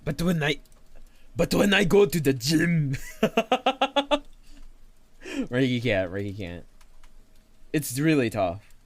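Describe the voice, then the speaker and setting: A man streaming as a VTuber, chatting casually with viewers while he draws, playful and quick to laugh, often talking about himself in the third person. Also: mid-range voice, lively intonation, dry recording. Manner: playful, laughs often, reads and answers chat. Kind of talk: casual livestream chat while drawing.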